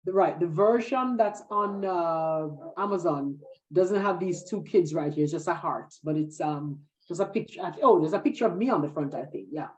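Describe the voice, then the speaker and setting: A woman's voice: lowish voice, moderate pace, few pauses. A woman with a Jamaican accent, a poet being interviewed, who talks animatedly, often says "indeed", and recites verse in patois. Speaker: guest poet.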